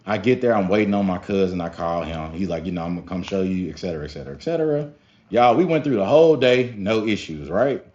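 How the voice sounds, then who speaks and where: A young man telling a story casually to his viewers, animated and profane, often calling them y'all. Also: low-pitched, fast talker. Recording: slightly dull lo-fi sound with faint music.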